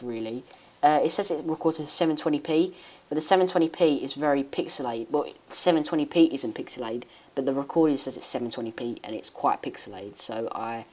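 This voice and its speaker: Deep-voiced woman rambling thru a screen recording tutorial, lots of ums. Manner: rambling, hesitant, many restarts. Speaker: tech YouTuber.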